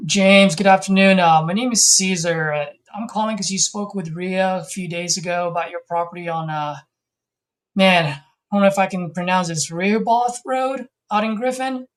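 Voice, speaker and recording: A man's voice: high voice, moderate pace, a bit bright. A man on a live call session, talking to a seller in an easygoing, friendly way. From California. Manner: easygoing, friendly, casual phone patter. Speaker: host, real estate investor calling sellers.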